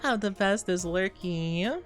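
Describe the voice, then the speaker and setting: A woman's voice: medium pitch, measured pace, faint music behind. A young woman streamer chatting casually with her viewers, rambling and giggling often.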